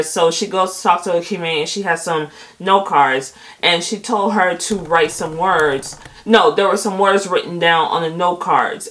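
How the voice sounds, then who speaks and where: A woman's voice: lowish voice, fairly bright tone, low-quality recording. A young woman giving a casual, emphatic recap of a TV episode. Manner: chatty, emphatic, quotes people with feeling. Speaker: video host recapping a TV episode.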